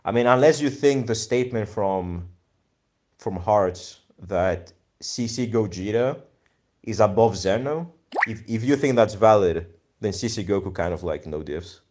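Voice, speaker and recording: A man's voice: fairly low pitch, lively intonation, unhurried, darkish tone. A young man with a Greek accent chatting casually on a live stream, reading viewer comments and thinking aloud in a laid-back, slangy way. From Greece.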